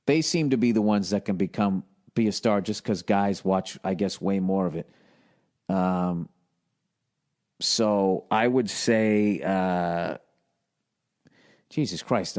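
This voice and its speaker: A man's voice: lowish voice, a little mellow. Blunt, profane man in his forties. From United States. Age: 40s. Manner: profane, blunt, sarcastic advice. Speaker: podcast host. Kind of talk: casual comedic podcast monologue.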